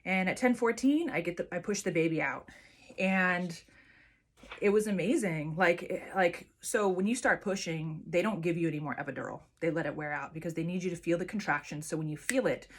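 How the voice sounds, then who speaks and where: A woman's voice: on the low side, a little fast. A woman vlogger chatting casually to camera and telling a personal story with lots of fillers and restarts.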